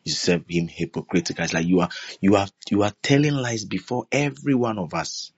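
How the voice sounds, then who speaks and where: A man's voice: on the low side, a little fast, husky, no echo. A man preaching a sermon, emphatic and repetitive, acting out prayers in his own voice. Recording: dull lo-fi sound.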